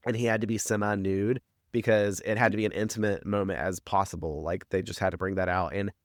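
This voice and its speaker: A man's voice: on the low side, steady tone, quick pace, no echo, clean studio sound. A man co-hosting a podcast, recapping a TV episode in rambling casual chat full of fillers and swearing.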